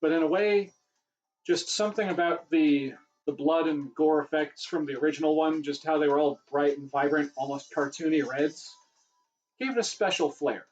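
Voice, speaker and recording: A man with a slightly high, somewhat mellow voice speaks at normal speed on a muffled recording with soft music in the background. Hosting a casual livestream Q&A, he answers questions chattily, rambling and correcting himself as his voice grows worn.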